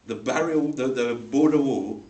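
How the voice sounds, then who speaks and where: A man giving a humorous personal story as a speech, animated and acting out the people in it. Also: medium pitch, moderate pace. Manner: animated, acts out voices in the story, laughs along. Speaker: speaker at a speaking club. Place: meeting room. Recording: echoey room, mic far off, faint noise.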